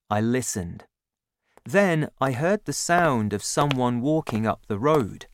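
Slow, deliberate audiobook narrator. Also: mid-range voice, expressive, dry recording. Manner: slow, clear, deliberate reading.

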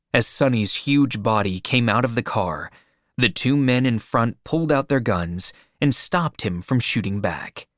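A man reading a novel aloud as a narrator in a measured, even storytelling delivery. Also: medium pitch, no room sound, studio quality. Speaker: audiobook narrator. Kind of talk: scripted narration.

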